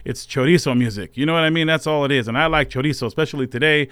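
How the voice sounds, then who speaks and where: A man's voice: a little high, rapid-fire, a bit bright, clear, resonant tone, no room sound. A man hosting a house music radio show, talking in a loose, rambling way full of slang and fillers. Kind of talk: casual radio show talk.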